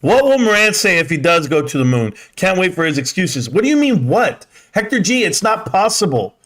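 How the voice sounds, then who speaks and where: A man's voice: sits high, sing-song, fairly quick, fairly bright tone. A man hosting a livestream, chatting casually and reading comments in a brash, profane way, laughing often. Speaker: livestream host.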